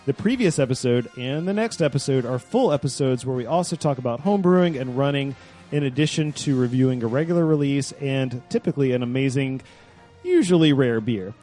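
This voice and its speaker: A man's voice: mid-range voice, dark tone. Eager man hosting a beer podcast. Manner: enthusiastic, laughs often. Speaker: podcast host. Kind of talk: casual podcast chat.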